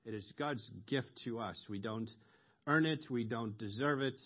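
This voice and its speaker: Guy preaching a sermon real slow, dull muffled recording. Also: mid-range voice. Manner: slow, explanatory, with ums and emphatic rises on quoted cries.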